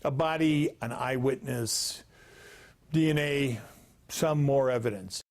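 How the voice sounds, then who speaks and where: A man, a county attorney, answering questions in a blunt, deliberate way. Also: medium pitch, darkish tone. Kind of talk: news interview soundbite.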